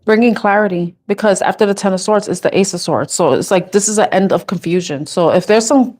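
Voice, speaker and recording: A woman's voice: mid-range voice, a little mellow. A woman tarot reader chatting casually to viewers, laughing often and thinking aloud as she talks through her cards. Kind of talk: casual live tarot reading chat.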